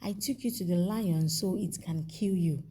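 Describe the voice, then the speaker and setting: Woman reading vengeful young husband in a soap recap: low, husky, slow. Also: mellow. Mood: cold, hateful.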